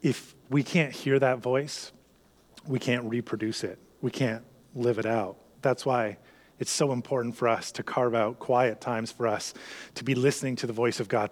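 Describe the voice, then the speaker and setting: A man preaching a sermon in an earnest way, often dropping to a soft hush on key lines. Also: medium pitch. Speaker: pastor.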